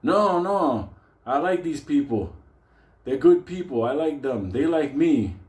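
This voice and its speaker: A man's voice: a little high, animated, measured pace, a little mellow, voice pushed up. A man voicing an unhinged, trigger-happy older male war veteran and grandfather who talks in an insistent, commanding way. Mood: earnest. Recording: roomy echo.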